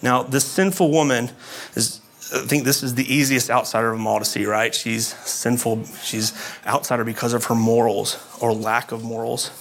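A man's voice: mid-range voice, fairly even intonation, moderate pace, a little hiss or hum. Man preaching a conversational sermon. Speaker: pastor.

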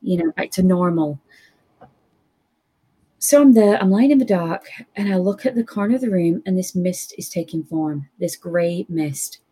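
Husky-voiced woman telling a story. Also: fairly low pitch, normal speed. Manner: animated, quotes others in voices. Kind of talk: casual storytelling chat.

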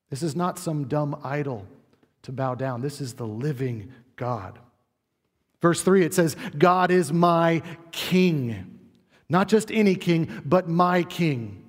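Earnest male pastor in a reverberant church. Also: a little mellow. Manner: earnest, varies pace and volume, drops low for emphasis. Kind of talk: sermon. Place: church sanctuary. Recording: long hall reverb.

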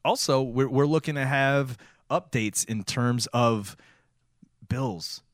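A man's voice: medium pitch, slow pace, no room sound, studio quality. A man hosting a casual podcast chat, rambling and correcting himself as he explains the show. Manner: rambling, self-correcting, upbeat. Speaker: podcast host.

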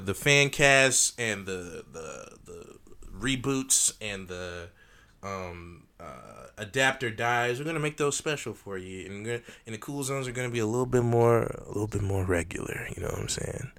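A man's voice: mid-range voice, animated, normal speed, sharp tone. A young man co-hosting a podcast in casual, crude, joking banter. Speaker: podcast co-host. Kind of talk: casual chat.

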